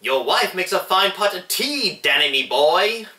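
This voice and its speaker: A man voicing a greedy, psychotic male leprechaun in a put-on Irish accent, high and shrill. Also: sing-song, a little slow, full character voice. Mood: greedy menace. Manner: shouting, cackling menace. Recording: echoey room, mic at a distance.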